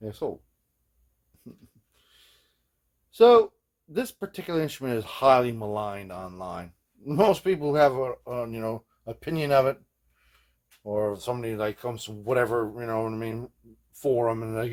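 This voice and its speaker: A man's voice: mid-range voice, moderate pace, pauses often. A man hosting a guitar repair video, chatting casually in a rambling, profane way, full of fillers and laughing at his own jokes. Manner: rambling, loose and profane, peppered with "man" and "you know what I mean". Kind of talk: casual hands-on workshop chat.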